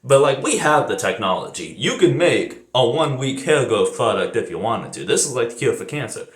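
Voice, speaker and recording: Sing-song and a little fast, this young man from the United States speaks in a medium-pitched voice while vlogging. He rambles, cusses freely, and cracks himself up, first from a bathroom shower and later indoors, with a roomy sound.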